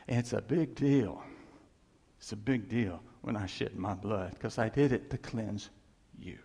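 A man preaching in an animated way, rising to loud exclamations and then dropping to hushed asides. His voice is gravelly and husky, and it carries a long reverb from the hall around him. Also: lowish voice, a little slow. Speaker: pastor. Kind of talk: sermon.

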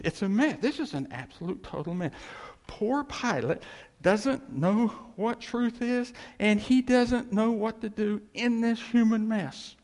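A man's voice: high-pitched, darkish tone. A man preaching a sermon as a pastor, emphatic and repetitive, with chuckling asides. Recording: echoey hall reverb.

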